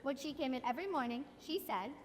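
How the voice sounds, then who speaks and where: A woman's voice: high voice, fast talker. A young woman narrating a school stage play, telling the story wryly to the audience as "you". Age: young adult. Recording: echoey auditorium, from a distance.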